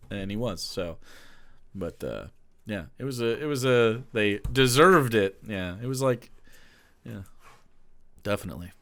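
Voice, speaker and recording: A man's voice: on the low side, a bit bright. Rambling, profane male streamer. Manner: rambling, profane, laughs often. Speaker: streamer reacting to a clip. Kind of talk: casual livestream storytelling.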